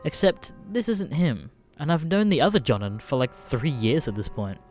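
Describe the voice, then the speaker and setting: A man's voice: a little high, expressive, normal speed, a little mellow, soft background music. A man narrating a story in a casual, profane, wry way.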